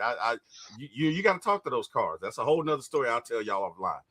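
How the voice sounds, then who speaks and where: A man telling stories in casual chat, animated and laughing when excited. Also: medium pitch, fast talker, no room sound.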